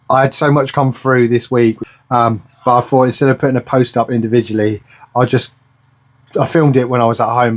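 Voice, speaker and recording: A man chatting casually in a home vlog, rambling and tripping over words. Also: medium pitch. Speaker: vlogger. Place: indoors at home.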